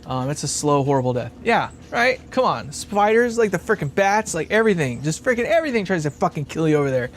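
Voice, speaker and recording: High-voiced man rambling on a livestream. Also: big pitch swings, quick pace, few pauses, slight background noise. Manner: rambling, laughs often, swears freely. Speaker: livestream host building a guitar amp. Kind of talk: casual livestream chat.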